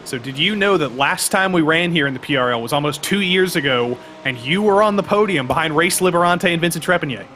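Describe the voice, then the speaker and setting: A man's voice: fairly high pitch, lively intonation, fairly quick, hardly any pauses, sharp tone. A man giving color commentary on a sim race, chatty and playful, drifting into tangents. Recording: background race car noise.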